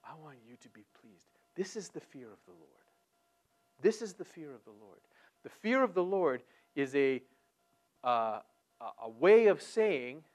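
A man delivering a sermon in a fairly high, very lively voice. He swings from near-whispers to loud, pressing lines, often repeating words as he builds toward a point. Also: unhurried, long pauses. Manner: animated, swinging from hushed to loud. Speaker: pastor.

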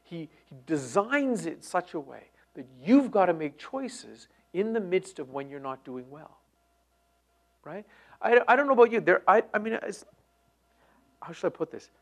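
A middle-aged man preaching a sermon, moving between loud emphatic lines and hushed near-whispers. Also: high-pitched, big pitch swings, normal speed. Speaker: pastor.

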